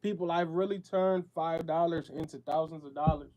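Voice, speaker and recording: A man's voice: on the high side, steady tone, normal speed, dark tone, slight background noise. A man from the United States hosting a show, talking casually in a loose, slangy monologue that circles back on itself and speaks straight to his listeners. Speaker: show host.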